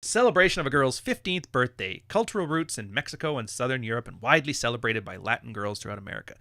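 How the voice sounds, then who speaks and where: A man's voice: mid-range voice, big pitch swings, fast, hardly any pauses, bright, forceful tone, no echo. Blunt, profane male podcast host. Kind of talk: live podcast rant.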